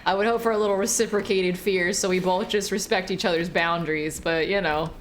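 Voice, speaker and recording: A woman's voice: on the low side, fairly even intonation, a little fast, a little hiss or hum. A woman streamer giving live gameplay commentary, exclamatory and swearing, talking back at the game.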